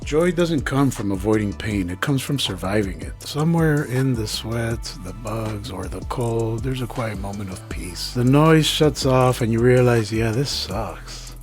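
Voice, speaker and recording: Give me a young man vlogging outdoors on a trail, slangy and joking, with soft music behind. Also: medium pitch, lively intonation, a little slow, few pauses. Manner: joking, rambling, slangy asides. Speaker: backpacking vlogger. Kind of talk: casual comedic vlog monologue.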